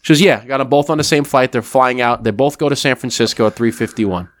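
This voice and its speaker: A man's voice: mid-range voice, fast, no echo. A man co-hosting a podcast, telling a story in casual chat and acting out both sides of a phone call. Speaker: podcast co-host.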